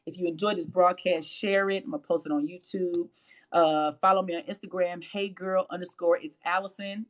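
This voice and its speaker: Low-voiced woman giving an emphatic faith talk. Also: fairly even intonation, moderate pace. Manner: emphatic and preachy, repeating phrases for emphasis. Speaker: host and motivational speaker. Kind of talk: faith-based motivational livestream talk.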